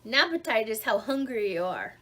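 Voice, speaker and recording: Animated woman reading a kids' storybook. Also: a little high, brisk. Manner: animated, asks children questions; explains words simply. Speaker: children's story reader. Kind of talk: interactive storybook read-along.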